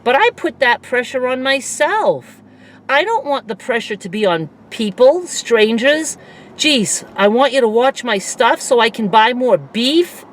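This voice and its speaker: A middle-aged woman talking candidly to her viewers in a rambling personal vlog, with faint vehicle noise behind her. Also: medium pitch. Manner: candid, rambling, quick to laugh. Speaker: vlogger.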